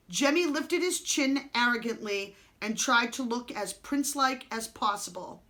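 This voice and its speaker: A woman reading a children's novel aloud to a child, slow and expressive, giving the characters their own voices. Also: a little high.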